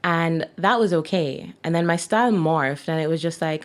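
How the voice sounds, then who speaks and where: A woman's voice: on the low side, measured pace. A woman in her thirties with a Jamaican accent, chatting as a guest in an interview and laughing often. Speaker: guest, clothing designer. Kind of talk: casual interview.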